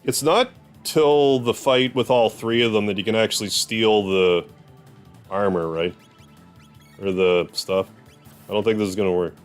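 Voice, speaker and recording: Low voice dude goofing around while streaming a game, faint music behind. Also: male voice, measured pace, pauses often, clean tone. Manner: joking, self-deprecating asides. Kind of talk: casual gameplay commentary.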